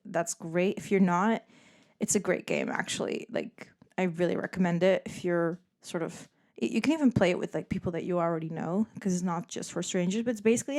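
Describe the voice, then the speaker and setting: A woman's voice: medium pitch, a little mellow. A young woman from the Netherlands hosting a solo podcast, chatting casually and rambling with lots of "like" and frequent laughter. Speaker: podcast host.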